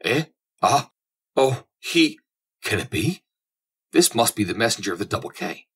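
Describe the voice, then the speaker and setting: A man voicing an excitable old sea captain in an audiobook, blustering and exclamatory. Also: on the low side, quick pace, husky, heavily acted. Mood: startled.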